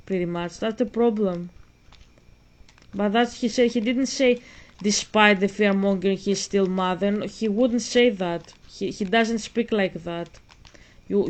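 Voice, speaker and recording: Slow insistent woman vlogger. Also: medium pitch. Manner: slow, insistent, repeats herself while explaining. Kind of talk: spoken commentary on a video.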